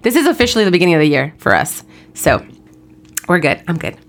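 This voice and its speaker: A woman co-hosting a casual chat over a video call, lively and mixing Spanish into English. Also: on the low side, quick pace, vocal fry. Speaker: podcast co-host.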